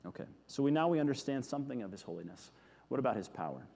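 Male preacher, mid-pitched, earnest teaching sermon, echoing hall. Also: very animated, racing, vocal fry. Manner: earnest, with emphatic repetitions falling soft.

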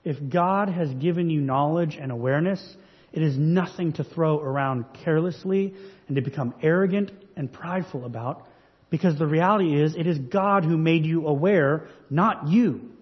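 A male pastor preaching an earnest, measured sermon full of rhetorical questions. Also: fairly high pitch, slightly rough. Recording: dull recording with long hall reverb.

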